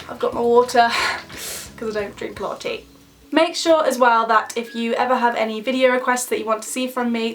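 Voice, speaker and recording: A woman's voice: on the high side, a little hiss or hum. A woman in her twenties with an English Midlands accent, chatting casually through a Q&A vlog with lots of "like" fillers. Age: 20s. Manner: chatty and bubbly, many "like" fillers. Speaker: YouTuber.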